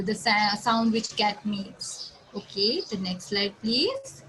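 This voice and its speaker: Slow-speaking Indian woman teacher. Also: a little high, animated, pushed and bright, slight background noise, rough recording. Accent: Indian English. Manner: slow, sing-song and explaining, imitates animal sounds. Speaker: schoolteacher. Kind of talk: online English lesson for young children.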